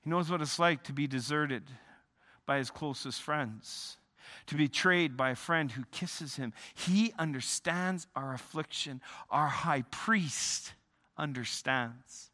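A man preaching a sermon, emphatic, often repeating and restarting words, swinging between loud emphasis and quiet lows. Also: measured pace. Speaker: pastor.

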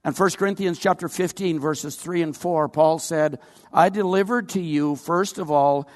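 Older male pastor, earnest folksy preacher, slightly high voice, long reverb of a church hall. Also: normal speed. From Canada. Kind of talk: sermon.

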